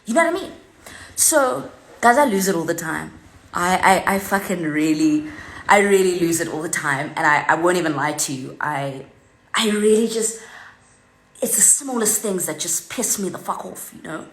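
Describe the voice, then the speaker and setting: A woman telling a ranting, profane anecdote to camera, animated and full of fillers. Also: on the low side, normal speed. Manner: animated, heavily profane, tells a story with many fillers. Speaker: vlogger. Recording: roomy echo.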